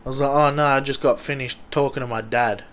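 A young man with an Australian accent hosting a podcast, telling rambling stories full of swearing and loudly acted-out quotes. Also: medium pitch, fairly even intonation, quick pace. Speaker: podcast host. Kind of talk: casual storytelling.

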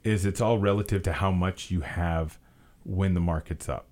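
A man's voice: low-pitched, moderate pace, a little mellow. A man co-hosting a podcast, chatting casually and explaining his views at length. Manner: easygoing, explains at length, asks questions. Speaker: podcast co-host. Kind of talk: casual chat.

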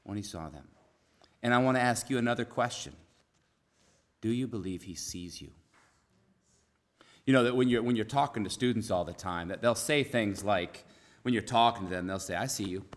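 Earnest low-voiced man preaching. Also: moderate pace, long pauses. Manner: earnest, drops to a soft hush for emphasis; repeats key phrases. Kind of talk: conversational sermon.

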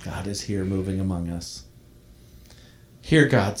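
A man preaching a sermon, reading a devotional text aloud and then speaking gently to his congregation. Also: low voice. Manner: reads a devotional poem aloud, then preaches in a soft, slowing voice. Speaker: minister.

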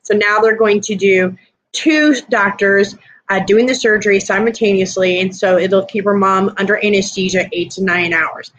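A woman's voice: mid-range voice, steady tone, normal speed, fairly bright tone, muffled recording. A woman co-hosting a live stream, chatting casually and rambling with lots of fillers. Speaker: podcast co-host.

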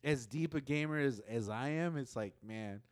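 A man hosting a podcast, chatting casually and telling animated stories with plenty of swearing. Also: medium pitch, normal speed, no room sound, studio quality. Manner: swears freely, animated storyteller. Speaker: podcast host. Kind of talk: casual chat.

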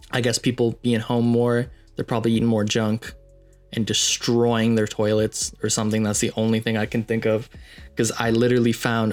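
A young man hosting a podcast, telling a story casually with rambling asides and lots of fillers. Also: fairly low pitch. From Canada, Ontario. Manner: rambling, filler-heavy, animated retelling. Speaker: podcast host.

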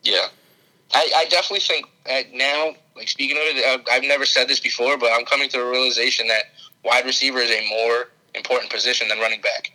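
Bright-voiced excitable young man. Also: medium pitch, fast talker, poor audio. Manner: excitable, emphatic, says dude and man. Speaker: podcast co-host. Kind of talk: casual sports chat.

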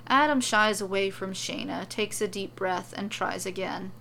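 A woman reading a serialized story aloud as its storyteller, with steady, even narration. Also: mid-range voice, moderate pace, creaky, hardly any pauses, a little hiss or hum.

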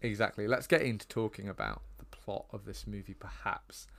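A man's voice: fairly low pitch, wildly swooping pitch, normal speed, vocal fry, fairly bright tone. A British man co-hosting a casual film chat, rambling on with lots of ums and likes. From Britain. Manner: chatty, rambling with frequent ums. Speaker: podcast co-host.

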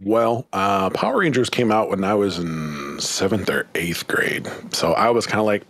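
A man's voice: on the low side, animated, normal speed, fairly bright tone. A man in his forties, a podcast guest, chatting casually and swearing freely. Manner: laid-back, profane. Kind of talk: casual chat.

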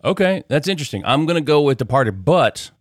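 A man's voice: a little high, sing-song, a little fast, no room sound, studio quality. Laid-back man hosting a movie chat. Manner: swears freely, laughs often. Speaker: podcast host.

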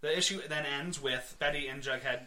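A man's voice: medium pitch, fairly quick. A man co-hosting a casual podcast, chatting about comics, laughing often and acting out lines. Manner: animated, laughs often, acts out quotes. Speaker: podcast co-host. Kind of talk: casual comic book chat.

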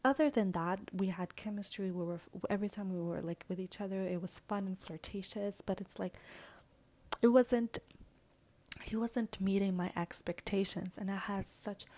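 A young woman telling a dating story in a casual vlog. She is frank and animated, leans on "like" constantly, swears freely and drops into hushed asides. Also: medium pitch, moderate pace.

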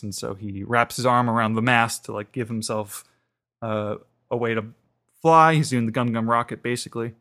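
A man with a middle-of-the-road pitch talks casually on a podcast, retelling an episode. He rambles through it with many fillers, restarts and asides. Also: moderate pace, a bit bright. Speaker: podcast co-host. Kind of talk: casual recap chat.

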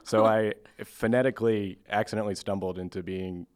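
A young man guesting on a podcast, chatting casually with dry, deadpan humor. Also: fairly low pitch, fairly quick, clean tone. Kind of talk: casual chat.

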